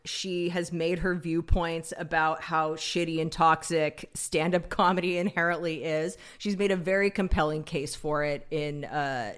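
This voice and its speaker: A woman co-hosts a casual podcast chat. She talks in a lowish voice and works through her opinions aloud, with plenty of "like" and "you know". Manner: opinionated, thinks aloud with fillers. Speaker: podcast co-host.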